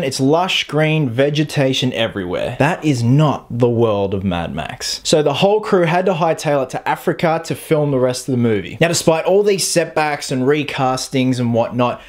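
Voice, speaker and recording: Man giving a profane movie review. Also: a little high. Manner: casual, profane and enthusiastic. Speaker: film reviewer. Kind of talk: casual movie review vlog. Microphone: cheap taped-up microphone.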